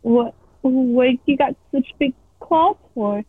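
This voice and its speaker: A woman's voice: high voice, slow, husky, no room sound, pitched above the performer's own voice, heavily acted. A woman voicing a frightened young boy who stammers. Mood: terrified. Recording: tinny phone-like sound.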